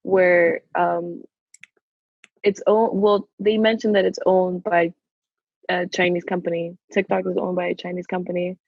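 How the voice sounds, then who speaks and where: A woman's voice: fairly low pitch, little pitch movement, measured pace, gravelly, no echo. Woman chatting on a podcast, rambly, lots of likes, muffled dry audio. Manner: rambling, many fillers, laughs often. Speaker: podcast co-host. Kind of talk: casual chat.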